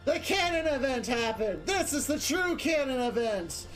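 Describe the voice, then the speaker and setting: A woman's voice: high-pitched, big pitch swings, normal speed, faint music behind. A woman streamer chatting casually while she games. She swears freely, repeats herself and laughs a lot. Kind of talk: casual live-stream chat while gaming.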